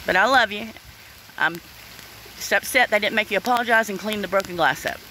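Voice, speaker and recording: Standing outside in the rain, a middle-aged woman vlogger rants to her viewers in a casual way, her mid-range voice bright, sharp and brisk. She swears bluntly and calls people "honey" and "y'all." The recording is rough, with faint outdoor noise underneath.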